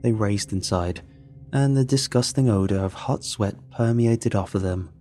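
A man reading a first-person story in a steady, dry narrating manner. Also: fairly low pitch, moderate pace.

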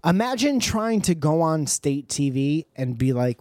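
A man's voice: a little high, sing-song, a little slow, darkish tone, no echo. A man doing a rambling, profane comedic monologue with joking asides.

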